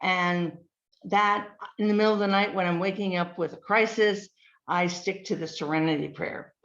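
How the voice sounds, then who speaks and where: A woman giving a slide presentation, speaking in a measured way, listing words with frequent ums. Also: medium pitch, steady tone, fairly bright tone. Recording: dull lo-fi recording.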